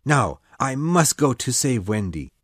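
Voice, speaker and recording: A woman voicing a brave young boy hero in an audiobook, in a lower, earnest boyish voice. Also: very animated, measured pace, slightly rough, no echo, studio quality, heavily acted. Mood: pleading, determined. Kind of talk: audiobook reading.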